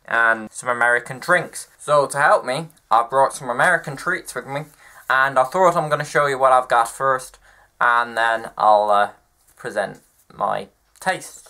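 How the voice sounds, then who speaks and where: A man's voice: mid-range voice, bright, forceful tone. A young man chatting casually and upbeat to his viewers in a vlog, poking fun at himself. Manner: chatty and upbeat, self-mocking. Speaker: vlogger. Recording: echoey room.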